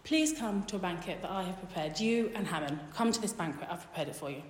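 A woman's voice: on the low side, lively intonation, fast, close to an everyday voice. A woman voicing a brave, earnest young queen. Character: courageous young queen, gracious and pleading. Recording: echoey hall reverb.

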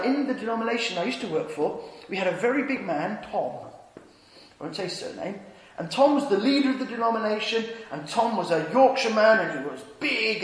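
Brief: middle-aged male preacher, light voice, storytelling sermon, reverberant church hall. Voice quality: light voice that never deepened. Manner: anecdotal and self-deprecating, quiet and tender in the lines of Jesus. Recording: echoey hall, long reverb.

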